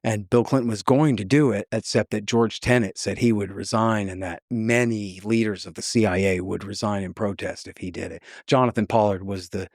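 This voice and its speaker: A man's voice: on the low side, fairly even intonation, a little fast, hardly any pauses, darkish tone, no room sound, studio quality. A man being interviewed on a podcast, talking bluntly and sarcastically, mocking the people he quotes as he tells his story. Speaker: guest.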